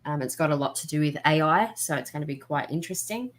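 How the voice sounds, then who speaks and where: Woman, guest podcaster; deep for a woman, talkative, animated. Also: fast talker. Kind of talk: casual chat.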